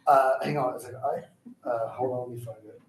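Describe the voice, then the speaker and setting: A man's voice: mid-range voice, steady tone, moderate pace. A man telling a personal story in a class, rambling and correcting himself as he goes. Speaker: class participant. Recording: echoey room, faint background noise.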